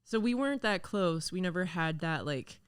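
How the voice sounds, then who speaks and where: A woman's voice: fairly low pitch, animated, normal speed, clean tone, no room sound. A young woman hosting a podcast, chatting casually and telling stories with frequent giggles. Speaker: podcast host. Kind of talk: casual chat.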